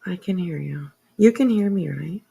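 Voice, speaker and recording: A woman's voice: on the low side, animated, normal speed, vocal fry, warm tone, slightly rough. A woman hosting a casual livestream from home, emotional and teary, sniffling and rambling with lots of fillers. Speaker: livestream host.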